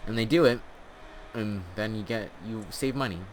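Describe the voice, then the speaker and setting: A man telling an absurd comic story in a meandering, deadpan way, full of filler words. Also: fairly low pitch, moderate pace, slight background noise. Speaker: storyteller host.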